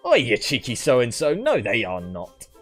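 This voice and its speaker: Here a man portrays a kindly elderly grandmother with a West Country English accent, fussing over people in a cheerful, sing-song, talkative manner. His mid-range voice swoops wildly in pitch and moves a little slowly, with soft music behind it.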